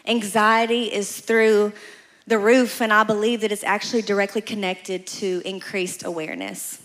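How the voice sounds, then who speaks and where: A woman's voice: mid-range voice, steady tone, normal speed, a bit bright. A woman pastor preaching a sermon, telling a story with playful asides and acting out voices.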